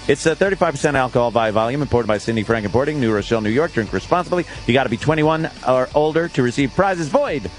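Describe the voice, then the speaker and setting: A man's voice: medium pitch, expressive, fast, hardly any pauses. Brash male radio host, jokey live reads, faint music under him. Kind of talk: live ad read and banter.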